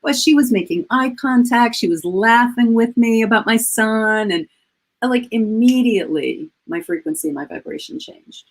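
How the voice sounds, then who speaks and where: Husky-voiced woman telling an animated story. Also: a little high, normal speed. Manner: animated, acts out quoted voices. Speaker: guest, coach and author. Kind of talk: casual storytelling chat. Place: home.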